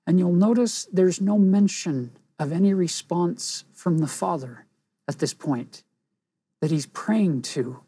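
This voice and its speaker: A woman teaching a scripture lesson in an earnest, reflective way, pausing for emphasis. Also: on the low side, warm tone, slightly rough, no room sound.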